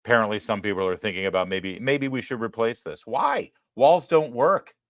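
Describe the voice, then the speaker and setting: A man hosting a live political commentary show, talking in a sarcastic, emphatic way with quick apologetic asides. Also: fairly low pitch, a bit bright, no echo. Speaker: host.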